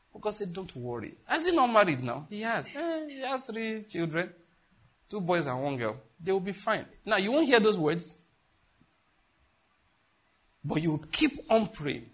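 Male pastor, emphatic husky sermon voice, slightly high pitched. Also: sing-song, moderate pace, long pauses. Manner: emphatic preaching, repeats phrases, swings between loud and hushed.

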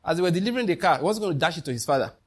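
Man, pastor, sermon, emphatic, questioning the congregation, slightly high voice. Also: animated, very fast, husky.

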